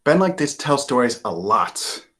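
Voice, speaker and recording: Animated author reading to kids. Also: male voice, mid-range voice, a little slow. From Maine, USA. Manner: animated, chatty with many fillers. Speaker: children's author reading to students. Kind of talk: reading a picture book aloud. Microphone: video call.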